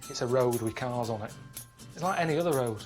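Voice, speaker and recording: A man's voice: mid-range voice, quick pace, faint music behind. An English man on a travel show, talking in a dry, grumbling, unimpressed way.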